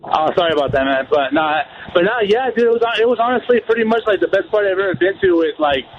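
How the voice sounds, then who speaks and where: A laid-back male caller with a high voice comes through a phone line full of noise. He keeps saying "dude" and trips over his restarts as he chats casually with the hosts. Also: animated, fast. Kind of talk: casual call-in chat. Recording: noisy phone call.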